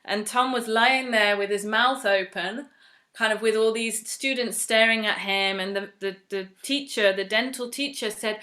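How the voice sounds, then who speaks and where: A woman from England recounts a personal story in a chatty, earnest way, with plenty of fillers along the way. Her voice is bright and clear. She slips into the voices of the people she quotes. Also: fairly high pitch, steady tone, normal speed. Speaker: devotee sharing a personal story.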